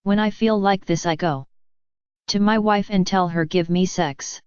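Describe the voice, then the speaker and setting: A woman's voice: mid-range voice, a little slow, smooth, no echo, muffled recording, close to an everyday voice. A woman voicing a blunt male boss who gives advice in broken English.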